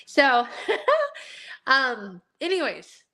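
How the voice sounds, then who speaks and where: A woman's voice: high voice, wildly swooping pitch, very slow, sharp tone. A woman hosting a casual live stream, talking in a heartfelt, rambling way with many fillers and sounding a little teary.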